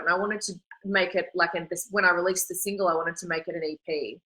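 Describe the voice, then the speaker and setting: A woman's voice: on the low side, pushed and bright, rough recording. A woman, a singer, chatting in an interview, gushing and rambling with lots of restarts. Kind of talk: casual interview chat.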